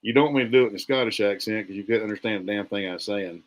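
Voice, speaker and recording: A man's voice: lowish voice, rapid-fire. A man hosting a casual podcast, folksy, laughing often and trading country sayings. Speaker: podcast host.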